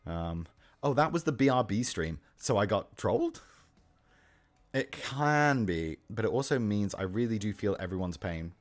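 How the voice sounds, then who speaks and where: Chatty young man, lively pitch. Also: normal speed. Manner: chatty, reads and answers chat, swears casually. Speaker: streamer. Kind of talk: casual live-stream chat. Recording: faint music in the background. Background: faint music.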